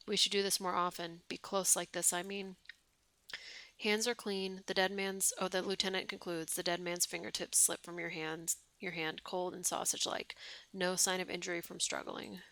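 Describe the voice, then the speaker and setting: A woman's voice: fairly low pitch, steady tone, normal speed, gravelly, a bit bright. A woman streamer reading a game's text aloud, with wry, swearing asides. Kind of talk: reading game text aloud with casual commentary.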